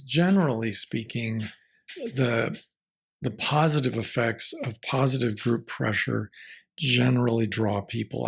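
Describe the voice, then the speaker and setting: A man speaking as a marriage and family therapist in an interview, measured and reflective, sometimes restarting his sentences. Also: mid-range voice, gravelly, slightly rough. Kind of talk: conversational interview answers.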